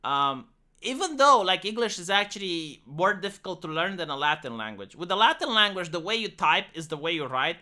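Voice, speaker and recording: Romanian streamer, Romanian accent, profane and rambly, lively bright voice. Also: mid-range voice, fairly quick. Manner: rambling, profane, jokey, with frequent fillers and restarts. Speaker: live streamer. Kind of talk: casual live-stream chat answering viewers.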